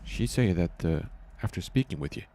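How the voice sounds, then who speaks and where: A man's voice: deep voice, animated, moderate pace, warm tone. A man voicing a blunt male rebel character who talks in broken English, dropping small words. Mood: urgent.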